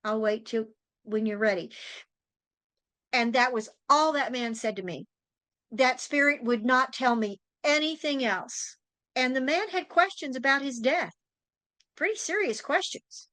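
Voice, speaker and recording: A woman with a somewhat high voice chats casually as a psychic host and tells stories about her readings. She is a chatty storyteller who acts out the people she quotes. The sound is dry and close, with no room echo. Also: expressive, measured pace, pushed and bright. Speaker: psychic and tarot teacher, podcast host. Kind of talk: casual interview chat.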